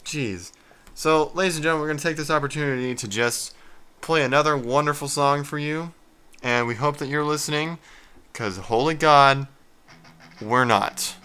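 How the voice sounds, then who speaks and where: A man's voice: fairly high pitch, normal speed, pushed and bright, smooth. A man hosting a comedy podcast, bickering and trading sarcastic insults. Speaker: podcast host.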